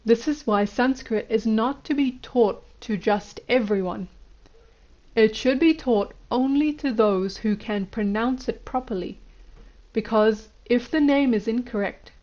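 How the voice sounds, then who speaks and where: A woman's voice: a little high, dark tone, dull audio, natural voice. A woman reading the lines of an elderly male guru, lecturing in an instructive way. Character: elderly male Indian guru, stern teacher.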